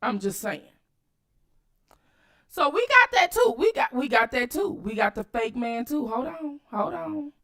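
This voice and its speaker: A woman hosting her own channel, giving loud, cussing commentary on video clips and talking straight to her viewers. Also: sits high, measured pace. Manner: animated, cussing, addresses viewers directly. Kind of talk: casual commentary while watching clips.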